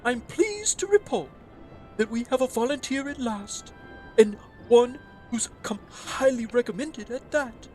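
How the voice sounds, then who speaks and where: A man's voice: very high voice, expressive, a little slow, over loud music, pitched above the performer's own voice. A man voicing a snooty elf hostess, reading video game dialogue in an affected, fussy and theatrical way. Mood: gracious.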